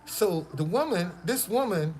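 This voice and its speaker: A man's voice: high-pitched, lively intonation, measured pace, slight background noise. A man giving a personal testimony to an audience, with casual slangy speech and stammering restarts as he tells his story. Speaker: motivational speaker.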